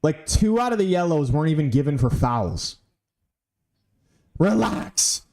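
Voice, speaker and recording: A man reacting live to a football match, excitable and pleading, swearing often, in a fan watch-along. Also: on the high side, a little fast. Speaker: fan streamer.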